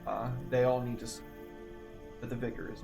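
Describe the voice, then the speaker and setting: A man's voice: mid-range voice, little pitch movement, fairly quick, vocal fry, over music. A man playing a tabletop game, joking and making hesitant in-character choices. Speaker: player. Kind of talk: casual tabletop game play.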